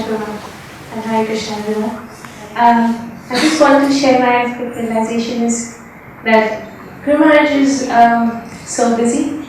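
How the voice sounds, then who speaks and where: A woman's voice: fairly high pitch, a little mellow. A woman giving hesitant, heartfelt thanks. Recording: echoey hall, distant mic, faint noise.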